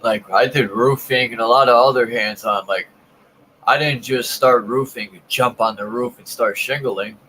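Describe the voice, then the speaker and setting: A man's voice: medium pitch, moderate pace, pushed and bright, slight background noise, low-quality recording. Blunt, profane man talking shop. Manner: blunt and profane, tells work stories. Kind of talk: casual chat.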